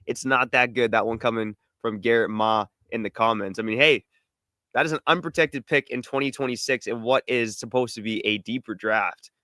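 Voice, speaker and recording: A man co-hosting a podcast, explaining things in a measured way. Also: medium pitch, pushed and bright, no room sound, clean studio sound. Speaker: podcast co-host. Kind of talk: casual podcast analysis.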